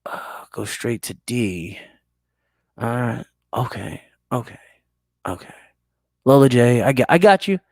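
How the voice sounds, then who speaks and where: A man's voice: medium pitch, takes it slowly, gravelly, pauses often, a little mellow, no echo, clean studio sound. A young man, hosting a crude, teasing podcast chat and laughing often. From United States. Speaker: podcast host. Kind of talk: casual chat reading live chat.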